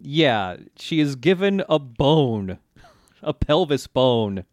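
A man's voice: medium pitch, sing-song, takes it slowly, a little mellow, no room sound. A man co-hosting a podcast, casually recapping an anime and meandering as he searches for words. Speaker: podcast co-host.

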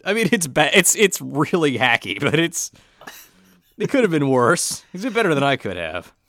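A man's voice: fairly high pitch, sing-song, moderate pace, a bit bright, no room sound, studio quality. A man co-hosting a casual podcast, recapping a plot with a wry tone. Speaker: podcast co-host. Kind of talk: casual chat recapping a TV show.

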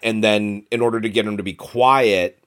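A man co-hosting a podcast, talking about films in an animated, opinionated way and swearing often. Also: fairly low pitch, moderate pace. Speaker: podcast co-host. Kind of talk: casual film discussion.

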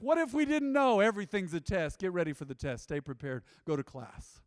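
A man preaching a sermon in a church, animated and emphatic, acting out quotes. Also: high-pitched, brisk, smooth, no echo, clean studio sound, big-room sound. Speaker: pastor.

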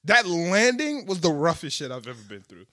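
Animated young man telling a story. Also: fairly high pitch, moderate pace, no room sound, studio quality. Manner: animated, slangy storytelling with heavy swearing. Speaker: storyteller in a group chat. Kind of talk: casual chat.

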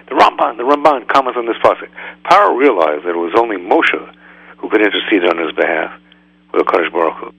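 A man with a low, gravelly, husky voice teaches a religious lesson on the radio. He keeps it conversational and animated and peppers it with rhetorical questions. The sound is dry and close. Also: fast talker, dry recording, rough recording.

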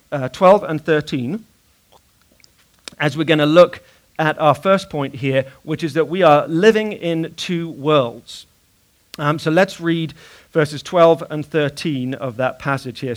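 High-voiced man preaching conversationally. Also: a bit bright. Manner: conversational preaching with fillers and audience prompts. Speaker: pastor. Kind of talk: sermon.

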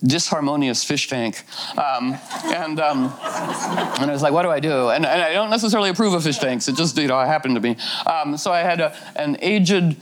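A man's voice: fairly high pitch, fairly quick, background noise. A man giving a meandering, playful astrology talk, full of "you know" fillers and laughing asides. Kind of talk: rambling spoken talk.

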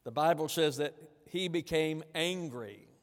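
Man preaching, kinda high voice, acts out the story people, long echo of a big hall. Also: a little slow. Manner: acts out the angry elder brother in plain voice, from soft asides to loud. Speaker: pastor. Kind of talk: sermon.

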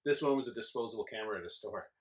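A man's voice: fairly low pitch, rapid-fire. A man co-hosting a podcast, making blunt opinions and dry quips in casual movie talk. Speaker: podcast co-host. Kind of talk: casual movie review chat. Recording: echoey room with faint noise.

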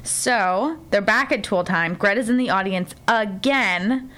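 A woman's voice: medium pitch, unhurried, fairly bright tone. Rambling young woman recapping a show. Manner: rambling, frequent "like" fillers, acts out lines in character voices. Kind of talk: casual chat recapping a TV episode.

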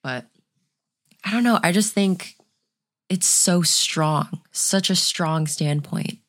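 A young woman with a lowish, somewhat bright voice co-hosts a podcast at a slow pace. Her casual chat is blunt and rambling, and she swears freely.

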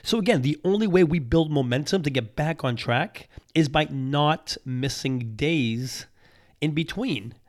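A man hosting a motivational show in an upbeat, energetic way, his voice a bit off from being sick and on the mend, repeating his key points. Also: a little high, measured pace. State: sick voice, recovering. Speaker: podcast host. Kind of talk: motivational talk.

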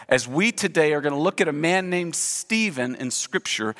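A middle-aged male pastor preaching in a large church sanctuary, his voice sitting notably high and ringing bright. He moves between hushed prayer and animated, expressive storytelling. The sound carries a long hall reverb. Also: moderate pace, hardly any pauses. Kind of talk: sermon.

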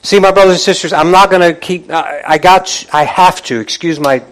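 A male pastor preaching a sermon. He often restarts and repeats words, and he calls out to the congregation, rising in pitch and volume when he gets fired up. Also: normal speed, rough recording.

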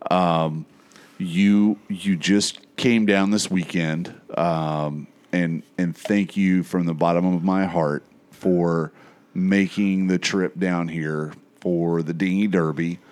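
A man hosting a casual chat, laid-back and salty, pausing often on fillers. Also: sits low, fairly even intonation, darkish tone. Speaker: host.

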